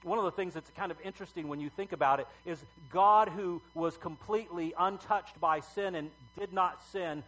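A middle-aged man preaching a sermon as pastor, talking conversationally with halting fillers and emphatic swells. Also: sits high, a bit bright, low-quality recording.

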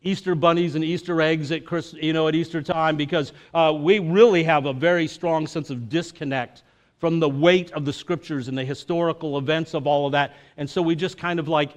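A man's voice: a little high, steady tone, brisk. A male preacher giving a sermon in a casual, conversational way, with jokes and filler words.

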